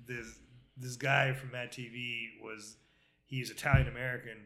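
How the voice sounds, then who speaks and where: A man's voice: mid-range voice, level tone, moderate pace, fairly bright tone. A man chatting casually on a podcast, telling a rambling story full of fillers, restarts and swearing. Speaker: podcast co-host. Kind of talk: casual chat.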